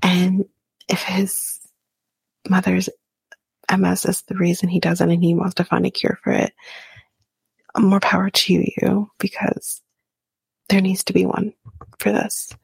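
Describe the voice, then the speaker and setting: Brief: woman, whispered reality TV recap, slow and gravelly, cursing casually, dry close sound. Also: fairly low pitch, level tone, no echo. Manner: casual, profane, laughs while talking.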